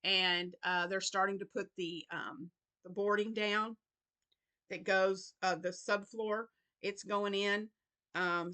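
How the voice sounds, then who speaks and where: A middle-aged woman, hosting a casual crochet vlog, chatting warmly with lots of ums. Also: mid-range voice. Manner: warm chatty talk with many ums and y'alls. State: choked up. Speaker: crochet channel host.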